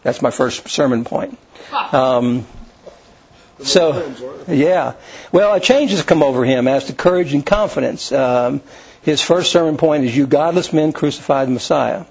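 Male preacher, husky, retelling scripture casually with asides, muffled lo-fi recording. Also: mid-range voice, unhurried. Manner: retells scripture in his own words, with restarts and asides. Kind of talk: informal sermon storytelling. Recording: dull lo-fi recording.

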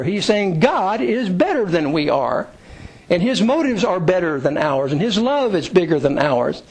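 A middle-aged man delivers a sermon in a relaxed, conversational way. His voice sits a little high for a man. He voices the prayers he quotes with a lift in pitch. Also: normal speed, husky, rough recording. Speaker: pastor.

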